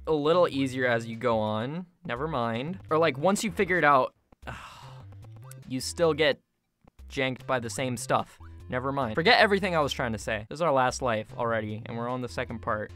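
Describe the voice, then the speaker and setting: Brief: young gamer, casual commentary, animated swoops in pitch, faint music behind. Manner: excitable, yelps and laughs at sudden deaths. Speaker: gaming YouTuber. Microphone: phone mic.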